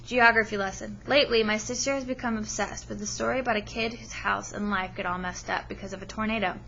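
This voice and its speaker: A woman's voice: mid-range voice, steady tone, fast talker, vocal fry, sharp tone, dull audio, slight background noise. A woman teacher reading a story aloud with expression and stopping to ask her listeners questions. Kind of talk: read-aloud lesson with comprehension questions.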